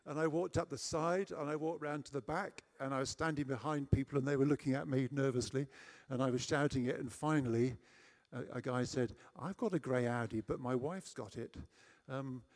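A man's voice: medium pitch, darkish tone. A middle-aged man preaching a sermon, telling a personal story in a chatty, self-deprecating way.

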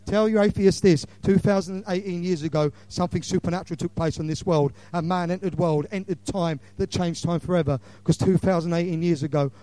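A middle-aged man delivers an impassioned sermon in a mellow, warm voice that sits a little high. He swings between loud declarations and hushed asides. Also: fairly even intonation, fairly quick, hardly any pauses. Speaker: preacher. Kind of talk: evangelistic sermon.

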